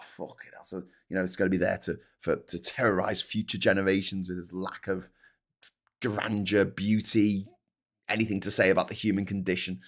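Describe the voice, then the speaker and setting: A man hosting a show, ranting in casual, heavily sweary commentary. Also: fairly low pitch. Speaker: host.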